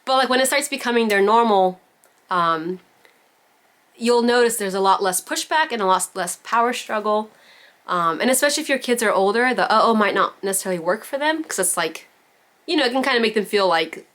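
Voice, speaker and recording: A woman leads a parenting class over a video call. Her voice sits at a middle pitch, and she talks in a loose, chatty way, stringing thoughts together with "like" and "you know". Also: animated, brisk, fairly bright tone. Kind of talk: casual virtual class teaching.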